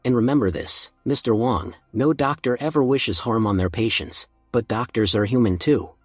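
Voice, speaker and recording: A self-assured young healer, read by a man with a slightly husky voice and a dry, close sound. He speaks calmly and casually, with a cocky edge, like a hero in a narrated comic recap. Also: medium pitch, normal speed, no room sound, soft background music, natural voice. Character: confident young male healer, calm and cocky.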